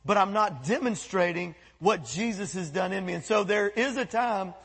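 Man, pastor, animated sermon, high voice, husky tone, long church reverb. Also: normal speed. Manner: animated preaching with quoted voices and asides. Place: church sanctuary.

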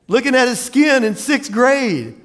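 A man from Jacksonville, Florida, preaching a sermon as pastor, an animated storyteller with laughing asides who acts out voices. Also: extremely high pitch, measured pace, big-room sound. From Jacksonville, Florida, USA.

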